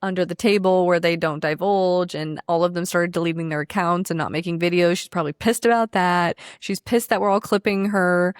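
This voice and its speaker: A woman's voice: on the low side, fairly even intonation, fairly quick, few pauses, smooth, no echo, studio quality. A woman co-hosting a podcast in casual political chat, emphatic and profane, laughing often. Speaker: podcast co-host.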